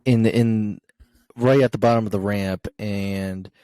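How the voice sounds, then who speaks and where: A man's voice: fairly low pitch, fairly even intonation, a little slow, warm tone, clear, resonant tone, no echo. A young man co-hosting a podcast, casually recapping wrestling shows with lots of fillers and chuckles. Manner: rambling recap with many fillers and laughs.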